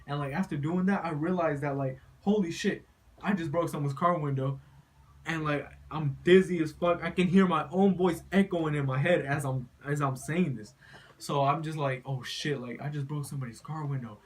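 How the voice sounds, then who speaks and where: A man's voice: a little high, moderate pace. A young man telling a story casually to his viewers, rambling and profane, full of "you know" and "like.". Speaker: vlogger.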